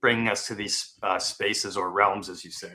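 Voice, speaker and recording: A man in his forties, a podcast co-host, talking casually and asking questions in a halting, hesitant way. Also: fairly low pitch, fairly even intonation, sharp tone. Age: 40s. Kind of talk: casual conversation.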